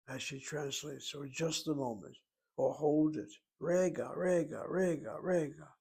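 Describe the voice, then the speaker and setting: A man teaching a language lesson, speaking slowly and deliberately and spelling words out letter by letter. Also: a little high, gravelly, darkish tone, breathy edge, rough recording. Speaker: Hebrew teacher. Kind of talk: lecture.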